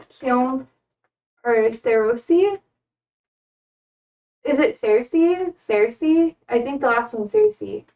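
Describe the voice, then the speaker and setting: A woman's voice: high voice, a little mellow, distant mic, poor audio. A young American woman chatting casually with her stream while repotting plants, rambling and self-deprecating. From United States.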